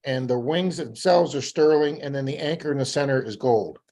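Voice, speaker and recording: A man from Florida, a metal detecting guest, telling rambling, animated stories and acting out what people said. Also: mid-range voice, moderate pace, gravelly. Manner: rambling, animated anecdotes with acted-out quotes. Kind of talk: casual storytelling on a live podcast.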